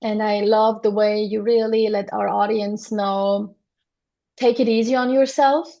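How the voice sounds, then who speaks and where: A woman's voice: medium pitch, little pitch movement, a little slow, warm tone. Woman host, affirming, lo-fi sound. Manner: affirming, frequent agreement sounds. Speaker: podcast host, interviewer. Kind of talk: interview conversation. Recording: dull lo-fi sound.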